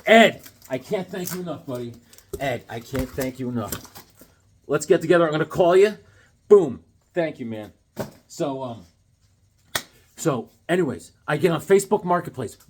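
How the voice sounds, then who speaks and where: A man in his forties showing off a comic book haul, talking in an excitable, joking way, recorded at home on a camera mic. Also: a little high, normal speed, long pauses, a little hiss or hum. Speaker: comic collector vlogger. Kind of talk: casual comic haul vlog with jokes.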